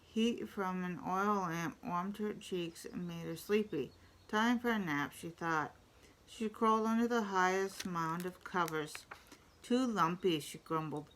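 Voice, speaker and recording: A woman reading a picture book aloud in a steady storytelling voice. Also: lowish voice, measured pace, a little hiss or hum, poor audio.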